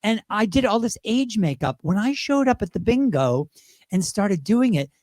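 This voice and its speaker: A man's voice: high-pitched, big pitch swings, moderate pace, a little mellow, dry recording, clean studio sound. A man in his fifties, a drag performer telling rambling stories as an interview guest. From Great Britain. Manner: chatty, rambling, slips into impressions. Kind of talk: casual interview storytelling.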